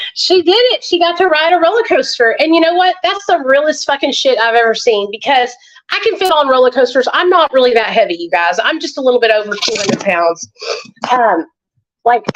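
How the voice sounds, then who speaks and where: Woman, casual livestream host, chatty, swears, slightly high voice, muffled phone sound. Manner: chatty, talks straight to viewers, swears freely. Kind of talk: casual live chat.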